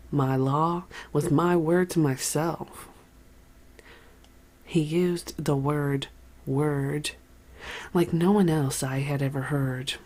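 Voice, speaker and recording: Slow unhurried audiobook reader telling a memoir. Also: medium pitch, a little mellow. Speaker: audiobook narrator.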